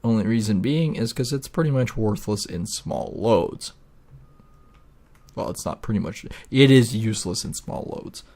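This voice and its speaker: A man's voice: lowish voice, moderate pace, a little mellow. A man hosting a gaming video, rambling and ranting with plenty of swearing in casual gameplay commentary.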